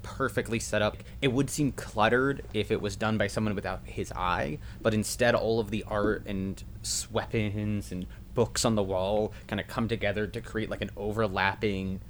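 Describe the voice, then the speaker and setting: A man with a fairly low voice narrates a tabletop game as game master. His talk is casual and rambling, with faint hiss behind him.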